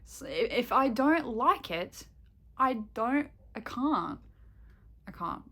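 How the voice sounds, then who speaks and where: A woman's voice: fairly high pitch, very animated, slow pace, a bit bright. A young woman vlogging in casual chat, candid and rambling, swearing freely and laughing often.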